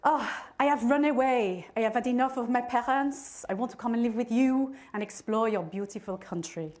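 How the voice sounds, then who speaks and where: A woman's voice: on the high side, normal speed, darkish tone, voice pushed up, lightly acted. Woman putting on a giddy young French girl. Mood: eager. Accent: French (put on). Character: eighteen-year-old French girl, runaway, eager.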